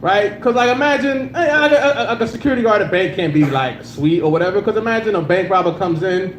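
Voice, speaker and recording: A high-voiced man, fast and animated, does a relaxed, crude stand-up routine with a handheld mic in a club for a live audience. Filler words come up often in his casual delivery, and the audio has a roomy club quality with faint noise.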